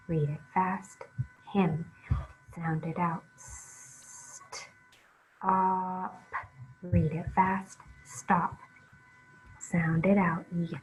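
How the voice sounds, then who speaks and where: A woman's voice: fairly low pitch, poor audio. A woman teaching a phonics lesson to young children, sounding out letters one at a time and praising the listener. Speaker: reading teacher.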